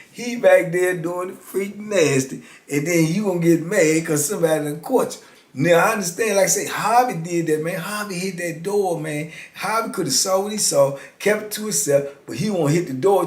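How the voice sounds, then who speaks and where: A man in his fifties telling a story in a relaxed, casual way and acting out the other people's voices. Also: fairly high pitch. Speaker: YouTube storyteller. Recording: roomy echo.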